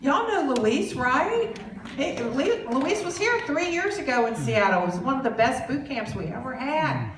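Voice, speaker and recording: A woman with a slightly higher voice tells a story to a crowd. She acts out the conversations in quoted voices. The sound comes from a distant mic in an echoey hall, with a faint noise underneath. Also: big pitch swings, unhurried. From Southern US. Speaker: speaker at a business boot camp. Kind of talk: storytelling presentation to an audience.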